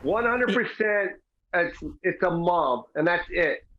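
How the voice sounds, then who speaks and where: A man's voice: high-pitched, animated, slow. A man, a comedian and film star, talking enthusiastically in a casual interview, stressing his points with repetition. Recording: dull lo-fi audio.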